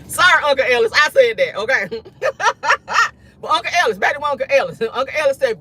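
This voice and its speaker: A host giving casual gossip commentary from a moving car, sassy and animated, laughing often. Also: high voice, a little fast. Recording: noisy car interior, road noise.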